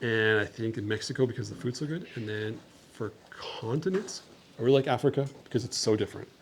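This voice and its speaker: A man's voice: medium pitch, fast, a little hiss or hum. A young man from Canada chatting casually with a school class about his travels, upbeat and friendly, with lots of "like" fillers. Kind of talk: casual talk and Q&A with children.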